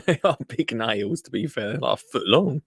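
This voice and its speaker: A man's voice: mid-range voice, animated, moderate pace, creaky, heavy background noise. A man hosting a podcast, casually commenting on a TV show with teasing, joking asides. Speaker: podcast host.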